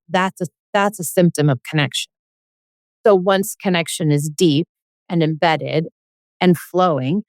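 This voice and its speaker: A woman's voice: mid-range voice, no room sound, studio quality. A woman hosting as a parenting coach, talking earnestly and directly and acting out little scenes with children. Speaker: parenting coach and podcast host. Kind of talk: coaching conversation.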